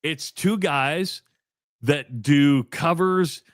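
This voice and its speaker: A man's voice: fairly high pitch, drawn-out words, dry recording, clean studio sound. A middle-aged man from Iowa co-hosting a radio show, telling a long story and acting out both sides of the chat. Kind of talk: casual storytelling on sports radio.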